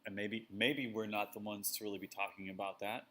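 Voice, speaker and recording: A man's voice: lowish voice, fairly even intonation, a little fast, bright, forceful tone. A man co-hosting a casual talk show, rambling and self-deprecating with lots of fillers. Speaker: podcast co-host. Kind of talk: casual chat.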